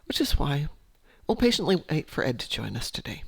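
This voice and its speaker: A man's voice: a little high, big pitch swings, fairly quick, creaky, husky, no room sound. A man hosting a casual gameplay stream, just woken up and rambling as he thinks aloud. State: sleepy, just woke up. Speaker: gaming channel host.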